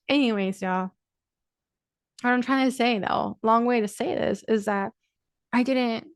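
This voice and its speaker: A woman's voice: medium pitch, no echo, studio quality. A young woman hosting a podcast, talking candidly in a casual monologue, swearing freely and addressing listeners as y'all. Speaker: podcast host.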